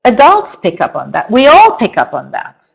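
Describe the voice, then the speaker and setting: A middle-aged woman coaching parents in a webinar lecture, explaining slowly and deliberately, with emphatic stresses. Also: fairly high pitch, huge pitch swings, gravelly, husky, poor audio.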